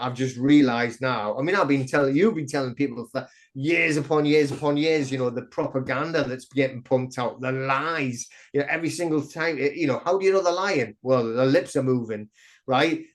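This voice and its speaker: A middle-aged man, a podcast guest telling stories in a rambling, excitable way full of restarts. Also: medium pitch. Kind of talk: casual interview chat.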